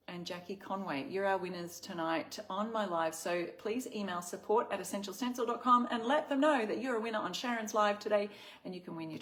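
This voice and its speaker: Chatty Australian woman hosting a livestream. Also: medium pitch. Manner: chatty, reads viewer comments aloud. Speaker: host of a craft livestream. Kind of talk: casual live-stream chat.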